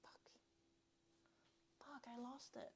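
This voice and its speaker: Woman streamer, high bright voice, unhurried, sweary chatter from home. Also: little pitch movement, breathy edge, whispered. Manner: chatty, swears a lot, yells at bugs. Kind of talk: casual live-stream chat. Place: indoors at home.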